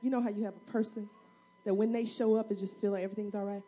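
A woman preaching a sermon, telling a personal story in an animated, humorous way that swings between loud and soft. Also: mid-range voice, very fast, slightly rough. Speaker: single mother of two.

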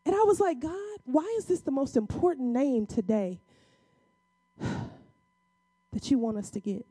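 Woman preaching in a warm, dry voice. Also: sits high, animated, husky, no echo. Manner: conversational, emphatic preaching with dramatic pauses; acts out biblical dialogue in casual speech. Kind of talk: sermon.

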